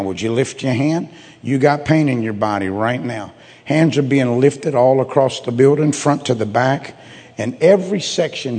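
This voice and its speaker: Husky preacher in a reverberant church. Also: male voice, medium pitch. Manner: repetitive, folksy, builds to loud bursts. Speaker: pastor. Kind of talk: sermon with altar call. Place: church sanctuary.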